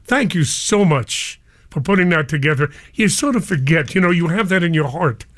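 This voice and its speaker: A man's voice: fairly high pitch, expressive, normal speed, a bit bright, dry recording, clean studio sound. An older man, a radio DJ, speaking live and emotionally to his listeners, whom he calls cousins.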